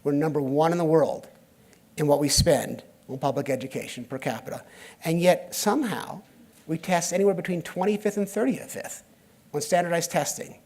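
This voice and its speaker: A man's voice: on the high side, normal speed, a little mellow. A middle-aged man from the United States giving a conference talk on stage, telling stories with acted dialogue and wry asides. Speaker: keynote speaker. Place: conference stage before a live audience.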